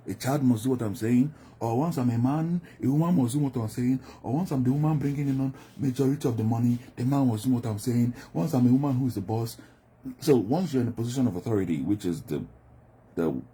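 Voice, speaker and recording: A man's voice: medium pitch, warm tone, slight background noise. A man from Nigeria giving a reflective monologue about communication styles, often acting out quoted voices. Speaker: commentator.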